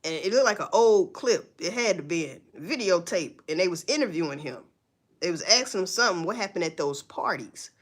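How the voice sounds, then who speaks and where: A woman's voice: lowish voice, expressive, brisk. A woman hosting a livestream, ranting bluntly and profanely with rhetorical questions. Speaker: livestream host. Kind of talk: casual livestream commentary.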